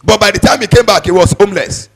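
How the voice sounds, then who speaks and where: A male preacher giving a sermon in a sing-song cadence, repeating words as he builds and breaking into sudden shouts. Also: sits high, fast, breathy edge, soft background music.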